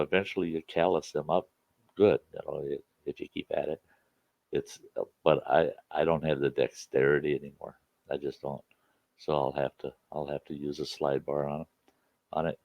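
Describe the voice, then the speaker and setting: A man's voice: a bass voice, darkish tone, no room sound, muffled recording. A man hosting a casual chat show, telling rambling, folksy stories with many restarts. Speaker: campfire chat show host.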